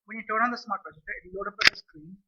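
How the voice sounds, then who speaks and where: A man's voice: high-pitched, racing, very noisy. A man giving a rambling, casual tech explanation for a vlog, often restarting sentences and checking in with "okay?". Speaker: tech vlogger. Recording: distant, dull lo-fi mic.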